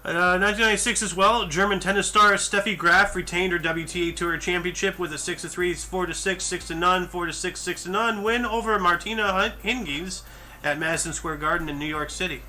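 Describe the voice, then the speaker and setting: A man's voice: sits high, fairly quick, sharp tone, slight background noise. A man hosting a casual podcast, reading historical events off a list and making chatty, joking asides. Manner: chatty, rattles off scores, jokey asides.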